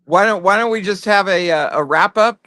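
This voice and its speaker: Male co-host, higher-pitched, stumbles while hunting for words. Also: bright, forceful tone, no echo, studio quality. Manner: halting, searches for words. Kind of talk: casual chat.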